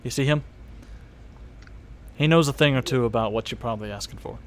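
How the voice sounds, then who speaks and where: A man's voice: medium pitch, fairly quick, slight background noise, pitched below the performer's own voice, lightly acted. A man voicing a wary tavern bartender who talks bluntly and threatens to throw people out. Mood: confiding.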